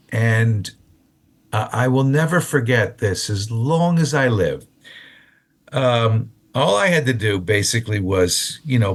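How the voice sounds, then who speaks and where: Man in his seventies, halting and unhurried. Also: on the low side. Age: 70s. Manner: halting, with many restarts and repeated words. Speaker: actor and voiceover artist, guest. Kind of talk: casual interview storytelling.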